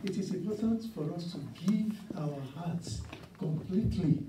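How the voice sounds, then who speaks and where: Sixties male guest preacher, higher voice, earnest and emphatic, recorded from afar in an echoing church. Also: a little slow, dark tone, a little hiss or hum. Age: 60s. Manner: earnest storytelling with emphatic repeats. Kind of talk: sermon. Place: church sanctuary. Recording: roomy church sound from a distance.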